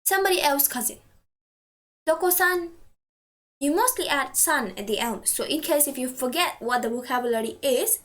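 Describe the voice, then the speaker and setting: A woman teaching a language lesson, patiently saying each word twice and slowly for practice. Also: sits high, expressive.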